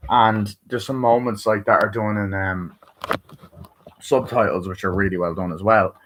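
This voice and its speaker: A man with a low, husky voice talks through a movie review in a loose, rambling way. He swears freely and keeps breaking into quick voices of the characters. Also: steady tone, a bit bright.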